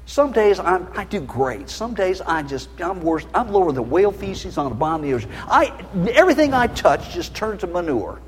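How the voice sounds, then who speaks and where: A middle-aged man preaching a sermon, passionate and emotional, his voice going shrill when he raises it. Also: big pitch swings, normal speed, hardly any pauses. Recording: reverberant hall.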